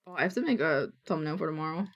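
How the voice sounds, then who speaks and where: While working on a casual co-working stream, a woman chats away, mumbling to herself and cursing now and then. She has a low, expressive voice, talks very fast, and the recording's high frequencies are cut off.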